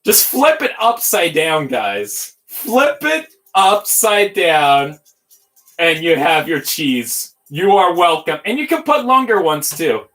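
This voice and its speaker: A man hosting a casual livestream tutorial, talking in an excitable, giddy, rambling way. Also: a little high, slow, soft background music. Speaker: livestream host building toys.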